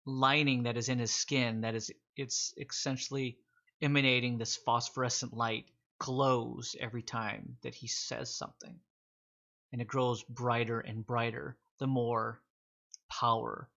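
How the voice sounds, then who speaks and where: Game master: male, descriptive tabletop narration, mid pitch, dull lo-fi sound. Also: vocal fry, pushed and bright. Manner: descriptive narration with filler words.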